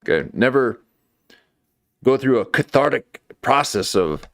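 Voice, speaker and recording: Guy streaming late night commentary, slow and sarcastic, voice jumps all over, keeps going "okay, folks". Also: mid-range voice, expressive, vocal fry. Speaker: live stream host.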